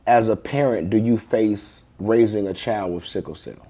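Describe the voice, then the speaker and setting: A man's voice: on the low side, normal speed, dark tone. A man speaking earnestly as an advocate and interviewer, explaining points and checking in with "right?". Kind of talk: advocacy talk and interview questions.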